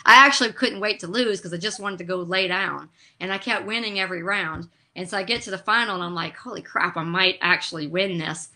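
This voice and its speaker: A middle-aged woman, a guest on a video call, telling stories in an animated, emotional way. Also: medium pitch, fast, few pauses. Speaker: guest, drag racer. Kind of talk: casual interview chat.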